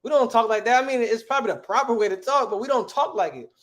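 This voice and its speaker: A man's voice: very high voice, quick pace, a bit bright. A man teaching a class in a casual, slangy way, often checking with the students by asking "right?". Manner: slangy, conversational.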